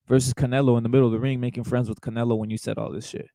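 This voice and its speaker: A young man hosting a relaxed fight talk stream, his voice mid-pitched and close on a dry mic. He is blunt and profane, circles back to the same phrases and keeps calling the audience brother while he answers live chat. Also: rapid-fire, few pauses, no echo, rough recording. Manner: blunt, profane, repeats himself, calls viewers brother; reacts to live chat comments. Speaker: boxing talk show host. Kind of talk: casual livestream chat.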